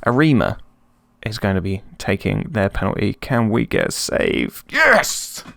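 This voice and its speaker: A man talks through his football management game in a relaxed, chatty way, breaking into excited yelps when something happens. His voice sits low with a gravelly edge. The sound is dry and close, with no room around it. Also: moderate pace, no echo. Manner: excitable, chatty, swings between calm and yelps. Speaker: let's play host. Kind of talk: casual gameplay commentary.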